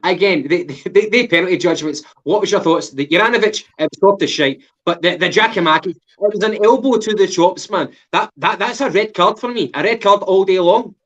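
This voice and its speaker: English guy co-hosting a footy podcast, higher pitched, muffled lo-fi audio, swears a lot, teases his mate. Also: a little fast, hardly any pauses, fairly bright tone. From England. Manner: swears freely, teasing banter. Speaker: podcast co-host. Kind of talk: casual football chat.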